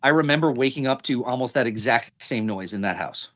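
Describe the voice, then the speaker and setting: A man's voice: mid-range voice, expressive, a little fast, a bit bright, no echo. A young man, a podcast guest, telling a story in a casual, rambling way, full of fillers and restarts.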